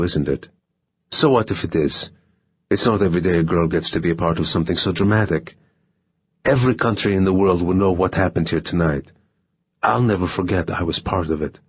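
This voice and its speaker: A man's voice: sits low, husky, no room sound, muffled recording. A man voicing a playful, thrill-seeking young woman spy who talks in a teasing, half-mocking way.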